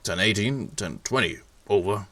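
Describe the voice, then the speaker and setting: A man's voice: on the low side, expressive, moderate pace, fairly bright tone. A man with a German accent voicing a formal police radio operator who talks in clipped radio codes.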